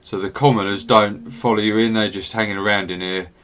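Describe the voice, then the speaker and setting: A man runs a tabletop game in a low voice. His talk is relaxed and rambling, full of ums and asides. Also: brisk, slight background noise. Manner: relaxed and rambling, with many fillers. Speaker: game master.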